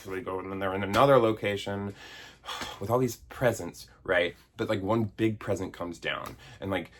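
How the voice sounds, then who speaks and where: A man's voice: fairly low pitch, moderate pace, a little hiss or hum. A man in his thirties giving a sarcastic, exasperated comedic film review, swearing casually. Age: 30s. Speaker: video essayist reviewing a film. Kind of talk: comedic movie review rant.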